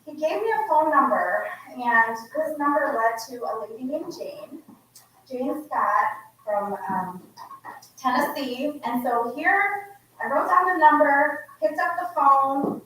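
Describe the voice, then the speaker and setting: A high, bright-voiced woman in her forties, originally from Laos, speaks off the cuff at an indoor event in a heartfelt, emotional, conversational way. She stands well back from the microphone, so her voice rings through an echoey hall. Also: animated, takes it slowly, distant mic, a little hiss or hum. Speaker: guest author speaking at an event. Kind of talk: unscripted personal storytelling. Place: indoor museum exhibit event.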